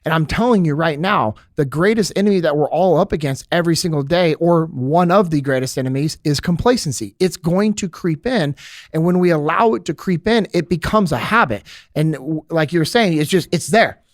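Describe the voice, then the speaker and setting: A man speaking as a podcast guest, earnest and steady, with frequent filler words. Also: on the high side, fairly quick, no echo, clean studio sound. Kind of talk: casual podcast chat.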